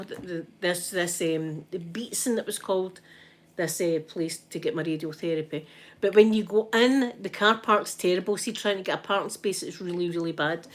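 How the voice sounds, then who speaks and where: A middle-aged Scottish woman chatting casually to her viewers, telling rambling stories with frequent restarts. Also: medium pitch. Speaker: ASMR streamer. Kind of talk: casual storytelling chat.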